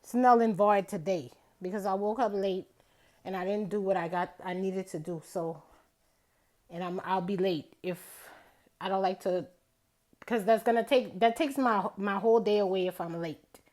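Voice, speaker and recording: A woman's voice: medium pitch, steady tone, moderate pace, darkish tone. A woman, chatting casually through her day in a vlog. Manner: chatty, rambling, drawls out words. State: out of breath after a bike ride. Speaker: vlogger.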